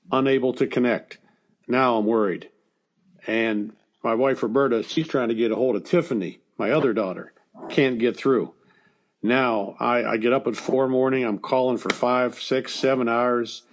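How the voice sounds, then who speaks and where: An older American man, a former baseball coach, telling personal stories in an interview in a halting way with frequent restarts. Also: medium pitch. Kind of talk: emotional storytelling interview.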